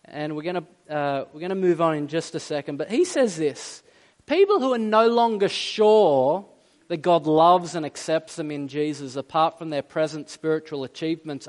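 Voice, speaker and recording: A man preaching a sermon in a conversational, emphatic way, with asides and a little self-deprecating humor. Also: on the high side. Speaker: pastor.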